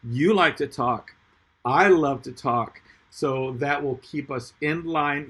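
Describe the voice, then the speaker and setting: A man's voice: fairly high pitch, slow, fairly bright tone, slightly rough. A man, a pastor, hosting a casual live-stream chat, upbeat and laughing often, with plenty of ums.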